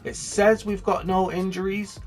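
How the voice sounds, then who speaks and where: A man's voice: high-pitched, little pitch movement, darkish tone, faint music behind. A young man hosting a gaming channel, talking through his game in a chatty, upbeat way. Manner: chatty and upbeat, jumping between fast and slow. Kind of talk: casual gameplay commentary.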